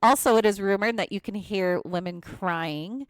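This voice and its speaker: A woman's voice: medium pitch, normal speed, no echo. A woman co-hosting a casual podcast, telling ghost history from her notes with frequent laughs and asides. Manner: animated storyteller, laughs often, asides.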